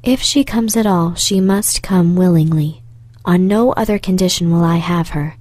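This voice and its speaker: A woman's voice: lowish voice, moderate pace, a little mellow, dry recording, lightly acted. A woman reading as a grim, stern beast.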